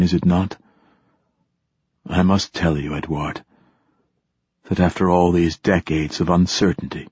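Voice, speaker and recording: A man giving a measured, solemn first-person narration for an audiobook, with a dull, muffled recording. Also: low-pitched, darkish tone, slightly rough, no room sound.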